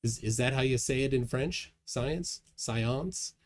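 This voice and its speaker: A man in a mid-range voice hosts a relaxed livestream at a moderate pace, reading viewers' messages aloud with a chuckle. His manner throughout is lively and chatty.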